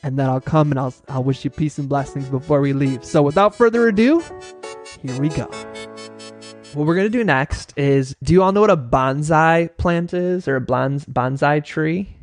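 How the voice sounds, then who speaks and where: A man's voice: a little high, moderate pace, faint music behind. A man hosting a motivational class, talking in an upbeat, playful and encouraging way. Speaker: workshop host.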